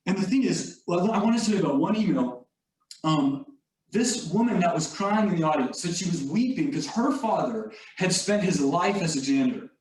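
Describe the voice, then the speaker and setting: A leadership speaker with a high voice, lively intonation and normal speed gives a motivational talk, telling a workplace story conversationally with many asides to the audience and fillers like "like" and "you all." The recording comes from an echoey room with a distant mic.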